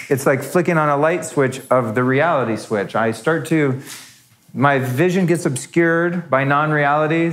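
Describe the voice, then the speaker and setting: A man's voice: medium pitch, fairly bright tone. A middle-aged man hosting a live show, telling a story candidly and acting out the voices he quotes. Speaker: podcast host. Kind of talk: live talk to an audience.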